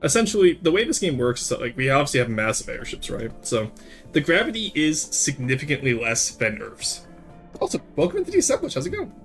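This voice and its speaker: Young man, streamer, from Quebec, casual chat, lively pitch, faint background music. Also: fairly quick. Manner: animated, switches into French, swears and laughs freely. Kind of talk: casual livestream chat, answering viewers.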